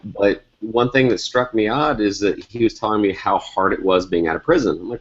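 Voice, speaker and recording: A husky, fairly low-voiced man tells a story with animated energy and stumbles over his restarts. The audio has the dull, lo-fi sound of a video call. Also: fairly quick. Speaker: guest author. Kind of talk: casual video call discussion.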